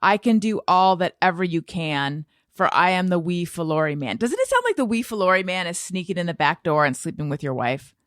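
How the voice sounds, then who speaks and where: A woman on the low side of the pitch range co-hosts a podcast from a studio, very animated and fairly quick with hardly any pauses, in a fairly bright tone. The casual chat is playful and teasing, with snatches of song half-sung along the way, and there's no room sound.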